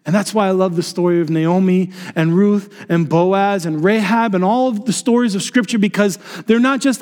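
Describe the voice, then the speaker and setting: A man preaching a sermon with passion, dropping to soft low tones for emphasis. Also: moderate pace, hardly any pauses, smooth, long reverb tail. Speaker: pastor.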